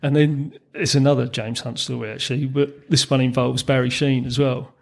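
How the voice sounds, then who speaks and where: A man's voice: mid-range voice, level tone, a little fast, gravelly. A man, a former racing mechanic telling anecdotes as a podcast guest, chuckling through his stories with frequent ums and restarts. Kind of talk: storytelling in a podcast interview.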